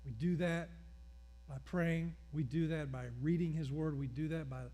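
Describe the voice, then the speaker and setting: A middle-aged male pastor preaching a sermon, telling stories with acted-out dialogue in an animated way. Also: a little high, moderate pace.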